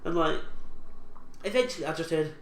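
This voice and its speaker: A man's voice: fairly high pitch, brisk. A man, telling a rambling anecdote on a podcast with lots of laughs and restarts. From England. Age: 20s. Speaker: podcast co-host. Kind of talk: casual chat, telling an anecdote. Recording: echoey room with faint ambient noise.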